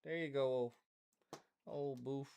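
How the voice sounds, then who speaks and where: A male podcast host rambles through a casual monologue at a mid-range pitch. He swears freely, restarts his sentences and breaks off to talk to his dog. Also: steady tone, takes it slowly, vocal fry, darkish tone, smooth.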